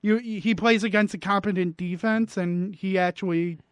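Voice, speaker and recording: A man's voice: sits high, fairly even intonation, moderate pace, clean tone, dry recording. A man co-hosting a radio sports show, casually explaining game facts at length. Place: radio studio.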